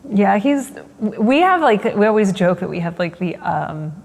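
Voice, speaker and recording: A woman in her forties talks in a lively, casual way, often acting out what people say. Her pitch sits in the middle range for a woman. A long reverb hangs around her voice. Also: normal speed, creaky. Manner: animated, laughing asides, quotes people. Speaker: guest's wife. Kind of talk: casual interview talk.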